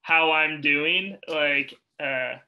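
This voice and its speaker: Rambling man with a very bright, sharp voice. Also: on the high side, drawn-out words, poor audio. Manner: rambling, self-deprecating, full of fillers. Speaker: youth ministry podcast co-host. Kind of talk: casual chat.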